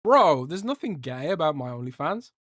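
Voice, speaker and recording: A man's voice: fairly high pitch, sing-song, normal speed, a bit bright, no room sound, clean studio sound. A young man hosting a casual livestream podcast, joking and rambling as he reads out chat. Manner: rambling, joking, swears a lot, trails off. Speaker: podcast host reading live chat.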